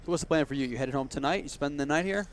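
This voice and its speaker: A man's voice: a little high, racing. A man calling a heads-up poker match on a live stream, his tone loose and chatty as he trades jokes with his co-host. He restarts his sentences now and then, and a faint hum of the room sits under his voice. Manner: relaxed banter, frequent restarts. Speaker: poker commentator.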